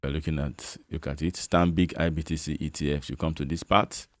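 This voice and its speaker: A man's voice: extremely low pitch, fairly even intonation, a little fast, dry recording. A man with a Nigerian accent hosting a casual finance tutorial, chatty and coaxing, often checking that the listener follows along. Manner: chatty, repeats "you understand?", coaxing. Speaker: investment channel host.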